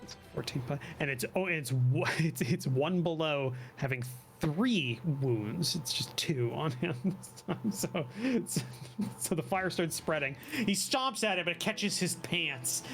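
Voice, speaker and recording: A game master running a live tabletop game, laughing often and tossing in quick asides while calling rolls and narrating. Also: medium pitch, expressive, faint music behind.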